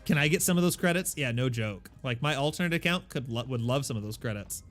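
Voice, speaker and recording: A man streaming a game from his apartment, chatting casually into a desk mic, self-deprecating and full of quick asides. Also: medium pitch, expressive, fairly bright tone, soft background music. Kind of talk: casual live-stream chat. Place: home apartment. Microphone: desk microphone.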